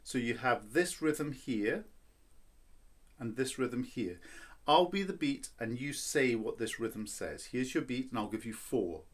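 A man's voice: medium pitch, expressive, a little slow. A man teaching a children's violin lesson, patient and playful, counting beats and explaining step by step.

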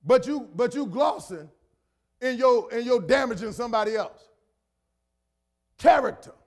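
A middle-aged man preaching a sermon as pastor, talking to the congregation conversationally, repeating phrases for emphasis and building to shouted points. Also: very high voice, animated, normal speed.

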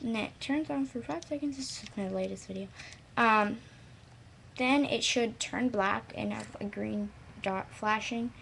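A woman's voice: on the high side, unhurried, gravelly, noisy background. A woman casually walking through a computer how-to at home, scattered and silly, drifting off-topic. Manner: scattered and silly, trails off into playful sounds. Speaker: vlogger showing a how-to. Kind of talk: rambling home tutorial. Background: dogs nearby.

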